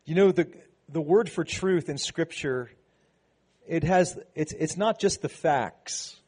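A man preaching a sermon with a slightly higher voice than most men. He talks to the congregation conversationally, restarting phrases often, then presses into emphatic stretches. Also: takes it slowly, a little mellow. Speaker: pastor.

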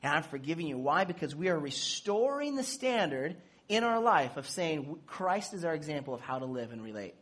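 Speaking at normal speed with few pauses, this medium-pitched parent delivers a laid-back sermon. They bring quoted dialogue to life by acting it out, laughing and joking as they teach.

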